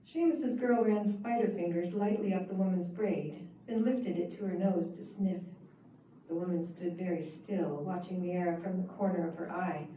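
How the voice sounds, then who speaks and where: A woman, the author, reading her own first-person novel aloud in a measured, wry storytelling manner. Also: on the low side. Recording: echoey, distant, phone-like and hissy.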